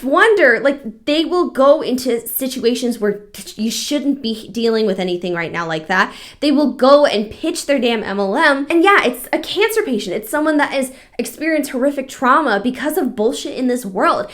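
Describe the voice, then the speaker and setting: A woman's voice: high voice, animated, moderate pace, fairly bright tone. A young adult woman hosting a casual reaction vlog, reading viewer stories aloud in an earnest, emotional way, swearing freely and using lots of fillers. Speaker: host.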